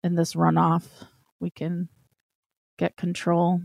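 A woman's voice: on the low side, completely flat delivery, slow pace, gravelly, a little mellow, dry recording. A woman in casual chat, blunt and frustrated, swearing now and then.

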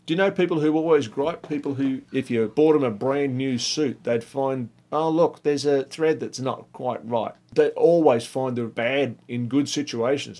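An earnest man hosts a motivational podcast and presses listeners with question after question. His voice sits at an ordinary mid pitch and carries a steady coaching drive. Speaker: podcast host. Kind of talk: motivational monologue.

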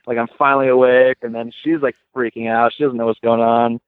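A man talking as a guest, telling a story casually with many "like"s and lively retellings. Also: mid-range voice, fairly quick, clean tone. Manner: heavy use of "like", lively retelling. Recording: tinny phone line, dry.

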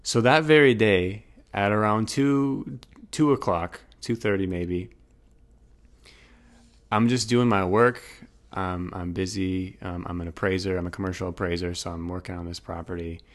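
A man's voice: sits low, fairly even intonation, normal speed. A young man animatedly telling a personal story in casual chat, acting out his own past words.

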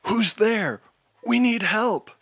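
A man's voice: medium pitch, lively intonation, unhurried, breathy edge, no echo. A man voicing a teenage boy superhero leader who talks in an urgent, exasperated way. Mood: desperate.

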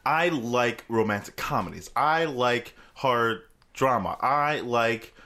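A man's voice: medium pitch, lively intonation, slow, pushed and bright. A man co-hosting a podcast, rambling and laughing easily in casual banter. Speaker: podcast co-host.

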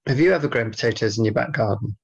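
A man co-hosting a podcast in casual banter, with dry, teasing, deadpan asides. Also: mid-range voice, fast, gravelly, slightly rough, lo-fi sound. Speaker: podcast co-host.

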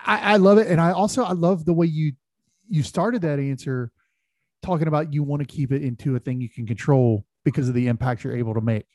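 A man's voice: on the high side, steady tone, brisk, darkish tone, no echo. Enthusiastic man host, dry sound. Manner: enthusiastic, praising, stumbles and repeats words. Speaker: podcast host. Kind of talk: podcast interview.

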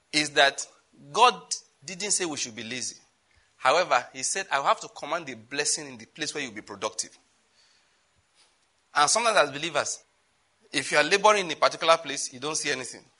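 A male preacher delivering a sermon, moving between loud exclamations and quiet asides. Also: a little high, lively intonation, a little fast, long pauses.

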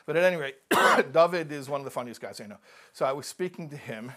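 A man's voice: fairly high pitch, quick pace. A man giving a live talk, telling jokes and acting out the characters, often restarting and repeating words. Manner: animated joke-telling, acts out characters.

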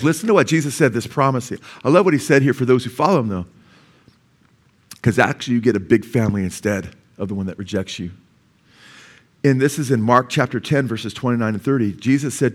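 A man's voice: mid-range voice, breathy edge. A middle-aged male pastor giving a conversational sermon, mixing personal stories with scripture and asking "amen?" often. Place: church.

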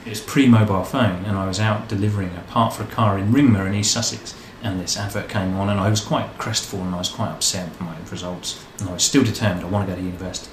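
A man's voice: deep voice, fairly even intonation, fast, hardly any pauses. A man telling his life story in a casual interview, rambling and self-deprecating. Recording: echoey room, faint background noise.

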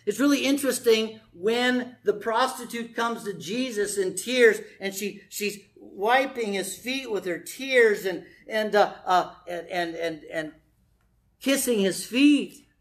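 A man's voice: sits high, takes it slowly. A man preaching a conversational sermon to his congregation, telling stories and acting out quoted voices.

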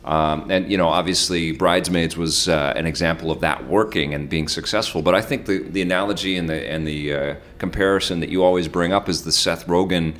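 A man's voice: low-pitched, fairly even intonation, fairly quick, hardly any pauses, fairly bright tone, a little hiss or hum. A man co-hosting a movie podcast, rambling casually with many fillers and restarts. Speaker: podcast co-host. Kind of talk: casual movie-review chat.

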